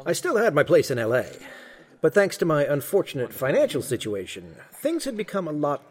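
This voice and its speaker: A man's voice: on the high side, wildly swooping pitch, fairly quick. A young man narrating his own story in an audio drama, wry and conversational. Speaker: narrator and lead character.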